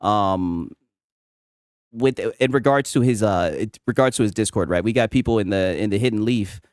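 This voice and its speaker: A man streaming gaming reactions in casual, excitable commentary, swearing often and laughing a lot. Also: fairly low pitch, moderate pace, dry recording, clean studio sound.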